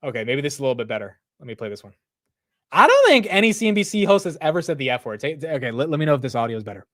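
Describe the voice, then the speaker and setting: A man hosting a live stock market stream, talking casually and excitably with loose slang and frequent laughs. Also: on the high side, rapid-fire, no room sound, studio quality. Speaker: market livestream host.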